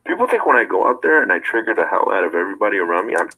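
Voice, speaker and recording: A man's voice: fairly low pitch, big pitch swings, racing, pushed and bright, rough recording. A man in a played video clip, giving a preachy monologue about standing up and fighting back. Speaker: video personality being watched.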